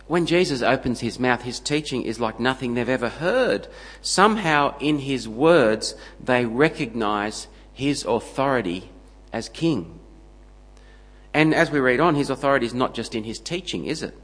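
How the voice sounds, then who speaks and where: A man preaching a sermon, emphatic and steady, building his points into punchy lists. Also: mid-range voice, normal speed, big-room sound, poor audio.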